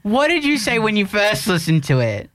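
Brief: woman radio co-host, playful ribbing, expressive, close dry sound. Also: mid-range voice, normal speed, no room sound. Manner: teasing, laughs often. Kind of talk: casual radio banter.

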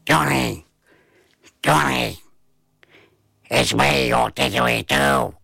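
A man voicing a gruff, cheeky little talking didgeridoo in a storybook tale. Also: medium pitch, takes it slowly, sharp tone, no room sound, studio quality, full character voice. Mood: calm.

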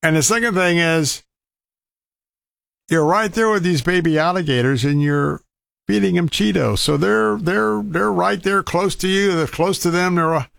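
Guy telling an outdoors story, folksy and emphatic, kinda high voice, dry close sound. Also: measured pace, creaky, a bit bright, dry recording. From Florida. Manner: folksy, emphatic warnings with repeated words. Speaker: outdoor storyteller giving wildlife safety advice. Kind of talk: casual storytelling monologue.

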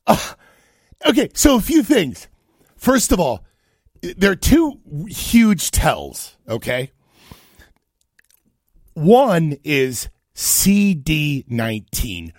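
A man hosting a radio talk show, telling a story in an animated way, with stammers and restarts. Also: high voice, slow pace, no room sound, studio quality. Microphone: studio microphone.

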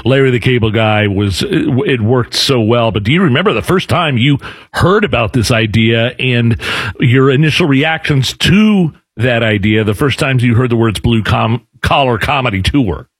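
A man's voice: mid-range voice, moderate pace, breathy edge, dry recording. A man hosting a casual radio interview, joking and laughing easily with his guest. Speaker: radio show host.

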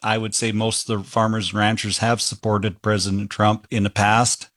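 A man's voice: on the low side, flat delivery, normal speed, fairly bright tone, dry recording, studio quality. A man from South Dakota, a cattle farmer, speaking frankly and wearily in a radio interview.

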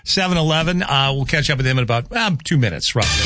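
A man's voice: mid-range voice, fast, few pauses, music in the background. A man, a folksy radio host chatting and reading the weather in a studio. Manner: folksy, uses regional sayings, lively intonation. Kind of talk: casual on-air chat and weather read.

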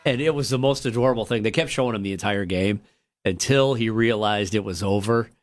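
A man's voice: lowish voice, brisk, soft background music. Chatty Midwestern man reading poll results. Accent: American Midwestern. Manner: chatty, jokey, reads poll numbers aloud. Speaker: radio show co-host. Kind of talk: casual morning-show banter.

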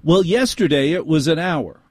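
A man's voice: a little high, animated, moderate pace, darkish tone, dry recording, studio quality, voice pushed up. A man voicing a prissy, condescending male store manager in a fussy, lecturing tone.

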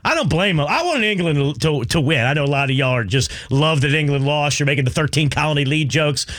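A man's voice: on the high side, animated, a little fast, a bit bright. A man co-hosting a sports radio show, rambling and joking about sports.

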